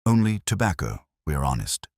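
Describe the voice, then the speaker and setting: A man voicing a young woman clerk with a melodic accent, speaking softly and carefully. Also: deep voice, sing-song, moderate pace, no room sound, clean studio sound, heavily acted. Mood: defensive. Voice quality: soft and careful.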